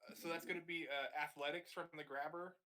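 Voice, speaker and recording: A woman's voice: sits low, steady tone, fast, sharp tone. A woman playing a tabletop role-playing game, explaining the rules matter-of-factly. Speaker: player. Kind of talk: casual game chat.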